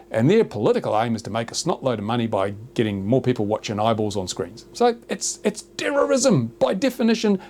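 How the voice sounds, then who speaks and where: A man's voice: medium pitch, darkish tone, slight background noise. A man from New Zealand with a New Zealand accent, a YouTuber hosting a casual chat, sarcastic and exaggerated as he rants. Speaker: YouTuber host. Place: small rural workshop studio.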